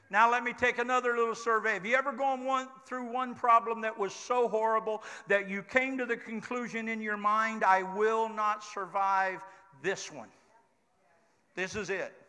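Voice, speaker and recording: Older man preaching, high bright voice. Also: steady tone, a little slow, clean tone. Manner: call-and-response preaching, rising to shouts. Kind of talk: Pentecostal sermon. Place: church sanctuary. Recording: church hall reverb with congregation.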